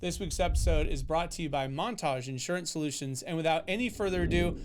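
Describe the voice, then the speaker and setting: A man's voice: fairly high pitch, fast, slight background noise. A man hosting a podcast, introducing the show and his guest with eager enthusiasm. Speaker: podcast host.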